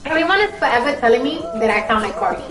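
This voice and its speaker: A woman's voice: fairly high pitch, lively intonation, quick pace. Chatty Bronx Puerto Rican woman streamer. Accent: Bronx Puerto Rican New York. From Bronx, New York. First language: Spanish. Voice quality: heavy accent. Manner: chatty, rambling, talks straight to viewers. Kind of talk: casual live-stream chat. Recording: echoey room with music behind.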